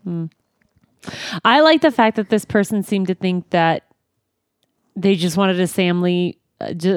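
A woman's voice: on the low side, a little mellow, no room sound, studio quality. A woman co-hosting a casual podcast, playful and teasing, often bursting into laughter. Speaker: podcast co-host. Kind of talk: casual chat.

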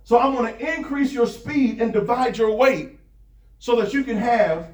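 A high-pitched man preaching in a lively, talk-to-the-people style. He reads scripture at a quick clip and keeps breaking off into asides, his voice ringing in an echoey church. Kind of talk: sermon. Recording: echoey room.

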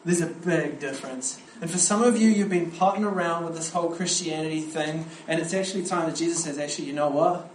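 A young man preaching a camp sermon to young people, animated and storytelling, with frequent restarts. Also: fairly high pitch, brisk, few pauses, a little hiss or hum. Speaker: youth pastor preaching at a camp. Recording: echoey hall with faint ambience.

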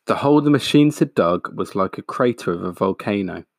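A man reading a picture book aloud in a steady, expressive way, pointing out the pictures. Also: lowish voice, a little fast, vocal fry, dry recording, clean studio sound. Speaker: storyteller.

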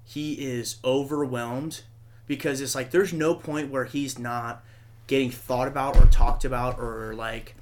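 A man hosting a podcast, talking casually in a rambling, profane and animated way. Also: mid-range voice, unhurried. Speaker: podcast host. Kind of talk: casual chat.

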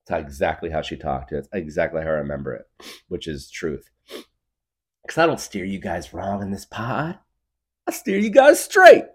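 A man's voice: very deep voice, animated, moderate pace, slightly rough. A man in his thirties hosting a podcast, rambling through a comedic monologue with lots of fillers. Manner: rambling, full of fillers, laughs at his own jokes. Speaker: podcast host.

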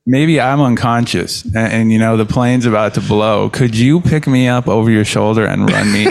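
A man co-hosting a podcast in casual chat, telling jokes slowly in a serious, deadpan late-night DJ manner. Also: lowish voice, vocal fry. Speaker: podcast co-host.

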